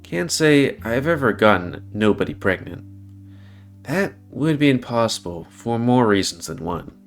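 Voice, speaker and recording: A man's voice: medium pitch, big pitch swings, unhurried, soft background music. A man voicing a blunt young working man in a visual novel, wry and plain-spoken, close to his own voice.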